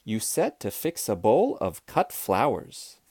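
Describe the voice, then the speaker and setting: A man's voice: fairly low pitch, wildly swooping pitch, takes it slowly, a little mellow, no room sound, exaggerated voice. A man voicing a cheerful, literal-minded housekeeper woman in a children's storybook read-aloud, matter-of-fact and chirpy. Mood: cheery.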